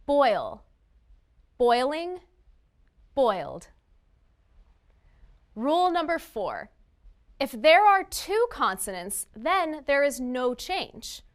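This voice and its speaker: A woman teaching English spelling in a scripted lesson, enunciating each word deliberately for learners. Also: high-pitched, fairly bright tone.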